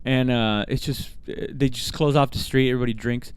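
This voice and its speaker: A young man co-hosting a casual podcast, telling stories with halting restarts and frequent laughter. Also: medium pitch, fairly even intonation, clear, resonant tone, dry recording. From Texas. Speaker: podcast co-host. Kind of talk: casual chat.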